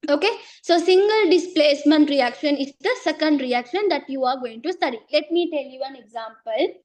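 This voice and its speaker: A woman teaching a chemistry lesson, repeating herself and often checking understanding, losing her voice and clearing her throat. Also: high-pitched, moderate pace, darkish tone. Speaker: chemistry tutor. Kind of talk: online class teaching.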